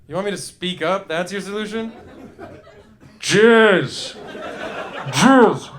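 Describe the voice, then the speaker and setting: A young man doing live stand-up, riffing crudely with the crowd, often laughing and breaking into shouts, on a handheld stage mic. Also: high voice, quick pace. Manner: loose, crude, laughing through lines, shouting bursts. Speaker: stand-up comedian. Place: comedy club stage before a live audience.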